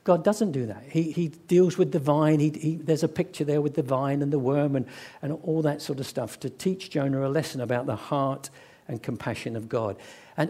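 A man preaching a sermon, telling stories and acting out the voices of people in them, slowing down for emphasis. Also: medium pitch, a little mellow, breathy edge. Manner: storytelling, acts out quoted voices, slows for emphasis.

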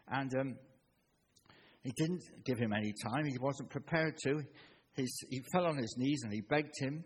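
A man's voice: mid-range voice, lively intonation, normal speed, a little hiss or hum. An older man preaching a sermon in a conversational manner that rises into emphatic bursts.

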